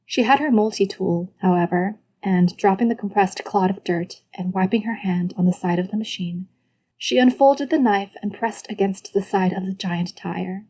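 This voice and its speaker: A woman giving scripted audiobook narration in a steady, even storytelling manner. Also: medium pitch, moderate pace.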